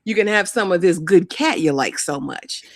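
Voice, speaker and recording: A woman's voice: on the low side, animated, normal speed, dry recording, clean studio sound. A woman co-hosting a live recap of a reality show, giving blunt, sassy, exasperated commentary. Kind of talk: casual live recap chat.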